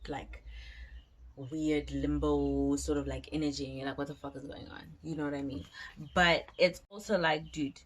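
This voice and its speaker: An unhurried woman talks through a casual tarot reading in a slightly low voice. She is chatty and slangy and swears now and then. A faint hiss of noise sits under the recording. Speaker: tarot reader.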